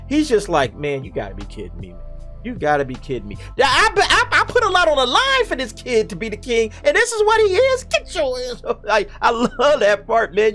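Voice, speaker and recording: A man giving a casual, animated spoken review of a TV episode, now and then acting out the characters' lines. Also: on the high side.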